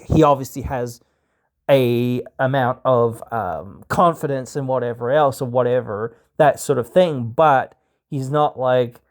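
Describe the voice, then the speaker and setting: A man's voice: medium pitch, clean tone. An Australian man hosting a podcast, chatting casually and rambling with many fillers. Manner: rambling, heavy fillers, mock voices for stereotypes. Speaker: podcast host. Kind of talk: casual chat.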